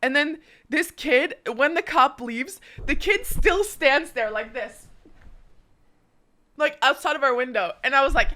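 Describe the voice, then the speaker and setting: Woman, twenties, from Norway, high voice, casual storytelling, profane, animated. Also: moderate pace. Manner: animated, profane, laughs often. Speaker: streamer.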